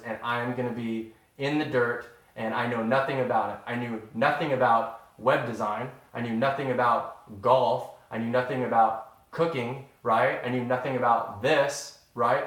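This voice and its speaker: Man, vlogger, casual and rambling, mid-pitched voice, echoey indoor room. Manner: animated, rambling, addresses viewers as y'all. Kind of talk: casual live-stream chat.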